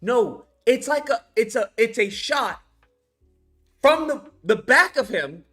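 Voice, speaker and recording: A film commentary YouTuber in an excitable, profane movie-review rant who keeps acting out scenes as they talk. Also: medium pitch, takes it slowly, soft background music. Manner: excitable, swears freely, acts out scenes.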